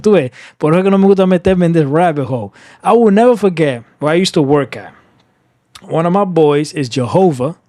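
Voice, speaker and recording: In a casual podcast conversation, a man with a slightly high, darkish voice speaks emphatically and keeps checking in with "right?" He sometimes slips into Spanish. The sound is clean studio audio with no echo.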